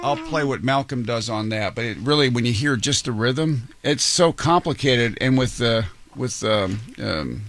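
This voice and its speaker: A man's voice: mid-range voice, normal speed, hardly any pauses, fairly bright tone, a little hiss or hum. A man hosting a radio morning show, chatting and reading odd news stories with frequent chuckles and stumbling restarts. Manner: chuckling, jokey, trips over words and restarts. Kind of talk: casual on-air banter and news reading. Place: radio studio.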